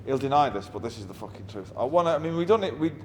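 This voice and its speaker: Middle-aged Mancunian musician, blunt and sweary, mid-pitched, recorded with a long reverb tail and faint ambient hiss. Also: male voice, lively intonation, racing. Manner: blunt, heavy swearing, wry. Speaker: musician being interviewed. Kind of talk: anecdotal interview storytelling.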